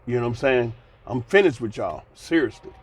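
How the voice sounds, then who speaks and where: A man's voice: mid-range voice, expressive, fairly quick, slightly rough. A man in his sixties giving blunt, folksy commentary, ranting and sighing between points. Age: 60s. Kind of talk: casual commentary vlog.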